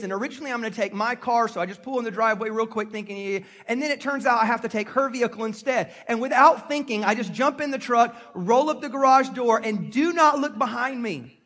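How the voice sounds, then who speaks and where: A middle-aged male pastor, preaching a sermon in a chatty, storytelling way and calling on the congregation to answer. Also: very high voice. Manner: conversational storytelling preacher, animated call-and-response.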